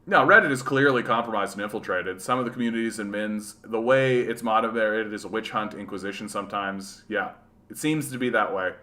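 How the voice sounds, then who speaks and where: A man from rural Manitoba hosting a casual livestream chat. His voice is bright and forward, and he rambles in loose, sarcastic asides, often ending his points with "right?". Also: on the low side, brisk. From rural Manitoba, Canada. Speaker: livestream host. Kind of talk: casual livestream chat reading viewer comments.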